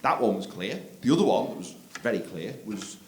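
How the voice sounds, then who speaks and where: A man doing live stand-up comedy on a theatre stage, telling stories in a conversational, animated way. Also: lowish voice, brisk. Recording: echoey theatre, loud crowd noise.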